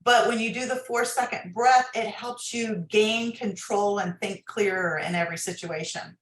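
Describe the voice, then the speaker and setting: A woman's voice: medium pitch, normal speed, echoey room, low-quality recording. A woman author, a guest on an interview podcast, explaining advice in a coaching tone. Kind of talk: interview, giving workplace advice.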